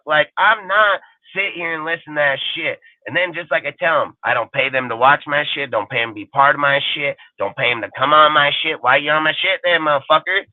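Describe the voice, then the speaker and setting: A man's voice: on the high side, no echo. A man hosting a fan live show, ranting heatedly with lots of swearing. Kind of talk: livestream fan rant. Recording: tinny phone-like dry sound.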